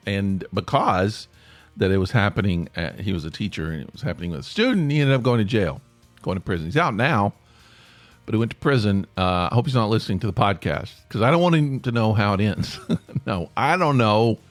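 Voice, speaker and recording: Lively, low-voiced man chatting on a podcast. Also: brisk, no echo, faint music behind. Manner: rambling, self-interrupting, chatty. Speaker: podcast host. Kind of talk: solo casual podcast chat. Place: home near Atlanta.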